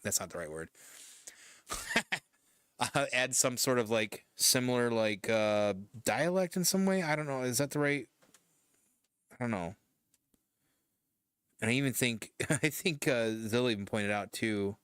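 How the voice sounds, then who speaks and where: A man's voice: medium pitch, expressive, a little slow, long pauses, fairly bright tone, clear, resonant tone, no echo, clean studio sound. A man from Michigan streaming casual chat while painting, rambling loosely and swearing now and then. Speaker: streamer host.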